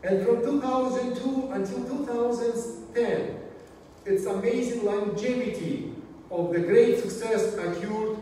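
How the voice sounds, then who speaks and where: A man preaching a sermon in a church, speaking slowly and deliberately, often dropping his voice low for emphasis. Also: darkish tone, a little hiss or hum. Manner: slow, measured delivery with dramatic drops in volume. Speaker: pastor. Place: church sanctuary. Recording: echoey church hall, from far off.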